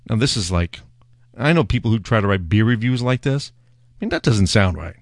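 Wry low-voiced man hosting a beer show. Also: animated, moderate pace, no room sound, studio quality. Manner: rambling, wry, self-mocking. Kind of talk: casual solo beer-tasting talk.

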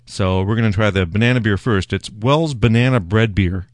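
A man with a lowish voice hosts his own beer show, tasting a beer and chatting casually at a moderate pace. He rambles in a wry, self-mocking way, and the recording has no room sound.

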